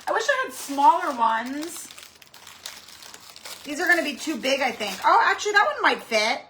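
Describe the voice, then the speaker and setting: A woman's voice: high voice, sing-song, moderate pace, sharp tone, slight background noise. A woman hosting a live-stream craft tutorial, chatty and rambling as she greets viewers by name. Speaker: craft channel host.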